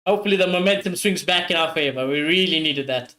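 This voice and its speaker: A high-voiced man streams a live football watchalong. He reacts loudly to every chance, swears freely and keeps calling out to his viewers. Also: quick pace. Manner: excitable, swears often, talks straight to viewers.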